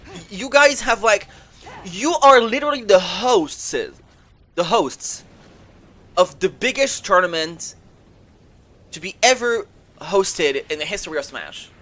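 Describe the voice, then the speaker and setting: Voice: medium pitch, animated, measured pace, long pauses, a bit bright. A streamer on a livestream, ranting heatedly and with plenty of swearing, rambling through fillers and restarts and mocking others with sarcastic quotes. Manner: heated, profane, indignant ranting. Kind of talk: livestream rant about competitive gaming.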